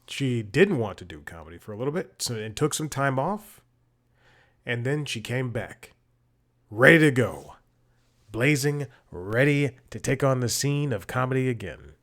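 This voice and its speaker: A man's voice: medium pitch, lively intonation, normal speed, fairly bright tone. A man hosting a podcast, giving a casual, rambling intro with self-corrections and chuckling asides. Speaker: podcast host.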